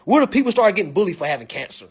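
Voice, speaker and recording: A man's voice: sits high, very animated, racing. A man delivering a blunt, profane, preachy rant in a monologue. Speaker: vlog commentator. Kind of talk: ranting monologue.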